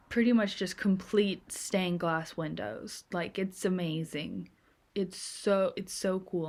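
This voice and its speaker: A young American woman telling stories in casual chat as a streamer, chatty and acting out quoted voices. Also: on the low side. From United States.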